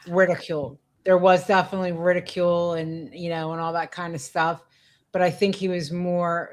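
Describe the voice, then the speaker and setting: A woman's voice: fairly low pitch, poor audio. A woman hosting a radio conversation, speaking earnestly and often trailing off and restarting. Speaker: radio show host. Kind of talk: conversational interview talk.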